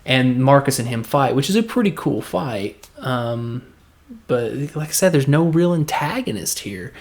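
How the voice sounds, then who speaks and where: A man's voice: mid-range voice, big pitch swings, a little slow. A man hosting a podcast, casually talking through a film review, rambling and enthusiastic, often restarting and acting out reactions.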